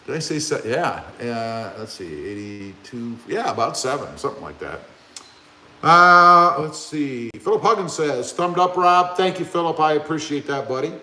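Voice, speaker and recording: A man hosting a live stream in an echoey room, his voice sitting a little high for a man and swinging widely in pitch. He chats casually, reads viewer comments aloud and jokes back at them. His talk is loose and easygoing. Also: expressive, moderate pace, pushed and bright. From Ohio. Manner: joking, chatty, talks back to viewer comments. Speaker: live-stream host reading chat.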